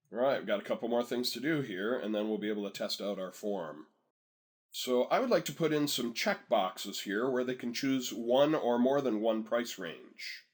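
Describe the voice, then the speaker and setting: A man narrating a screen-recorded software tutorial in a relaxed, chatty way, often telling viewers to pause and catch up. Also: medium pitch. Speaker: software instructor.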